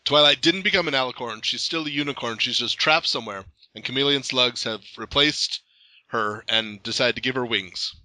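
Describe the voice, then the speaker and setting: A man's voice: mid-range voice, moderate pace, pushed and bright, no room sound, rough recording. A young man hosting a fan podcast, enthusiastic and playful, with stammering restarts. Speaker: podcast host. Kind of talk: casual podcast interview.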